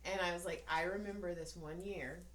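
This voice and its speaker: A woman's voice: fairly low pitch, fairly even intonation, brisk, fairly bright tone, slight background noise. A woman in her thirties co-hosting a podcast in casual chat, telling stories animatedly, laughing often and acting out quotes. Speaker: podcast co-host. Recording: roomy echo, faint ambience.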